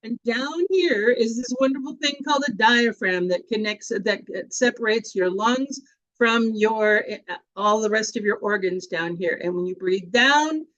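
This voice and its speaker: A woman presenting a speaking workshop over a video call, chatty and animated, often restarting her sentences. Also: on the high side, a little slow, dry recording, muffled recording.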